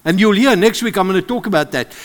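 South African preacher with a high voice. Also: male voice, fast. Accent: South African English. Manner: animated, joking with the congregation. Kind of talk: sermon. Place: church service with congregation. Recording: long hall reverb.

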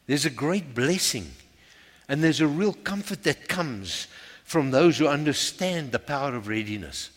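Emphatic South African preacher, echoing church. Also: male voice, a little high, lively intonation, a little slow. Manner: emphatic and repetitive, swinging from loud calls to hushed intensity. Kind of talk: sermon. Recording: reverberant church hall.

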